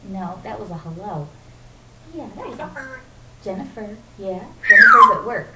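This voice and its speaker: A woman's voice: medium pitch, very animated, normal speed. A woman talking to her pet parrot in a coaxing, sing-song baby-talk voice, praising and prompting it. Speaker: pet owner. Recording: roomy, distant home-camera sound with loud noise.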